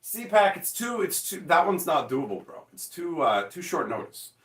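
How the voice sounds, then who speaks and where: Casting: forty-something male streamer, bright edge, swearing and excitable, roomy sound set back from the mic. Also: on the high side, normal speed, recorded from a distance. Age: 40s. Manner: profane, excitable, self-mocking. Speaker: streamer answering chat. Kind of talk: casual livestream chat.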